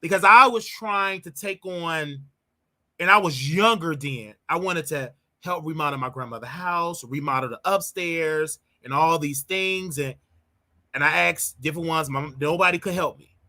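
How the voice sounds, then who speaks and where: A show host tells a personal story, emotional and animated, often repeating himself. His voice is on the high side and he speaks at normal speed.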